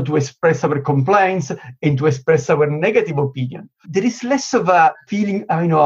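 Sounding husky and fairly high-pitched, this man is a negotiation expert giving interview answers. He explains at length, stressing points with animation and sprinkling in many "you know"s, all through dull lo-fi audio.

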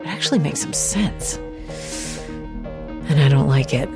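An actress playing a sharp, wry young woman hacker in an audio drama, talking to herself in sardonic asides. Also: sits low, unhurried, music in the background. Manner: wry, sardonic inner monologue. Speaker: hacker protagonist.

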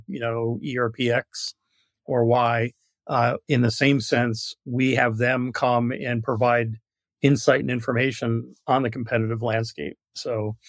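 A man from New York, a guest on a podcast interview, who tells stories in an animated way and uses many "you know" fillers. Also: mid-range voice, no echo. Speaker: guest, product marketing director.

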